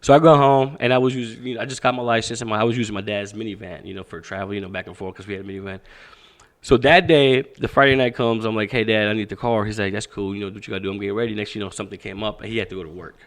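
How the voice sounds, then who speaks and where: A man's voice: lowish voice, rapid-fire. A man in his thirties from Pakistan, a boxing coach talking as a podcast guest, telling a story casually with frequent swearing and acted-out quotes. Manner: animated storyteller, swears freely, acts out quotes.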